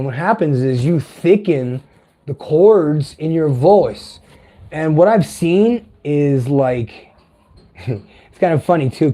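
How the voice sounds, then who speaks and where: Man in his fifties with a light tenor. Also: mellow. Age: 50s. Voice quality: light tenor voice, not deep. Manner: meandering, profane, chatty with self-corrections. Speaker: vlogger. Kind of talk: casual rambling monologue.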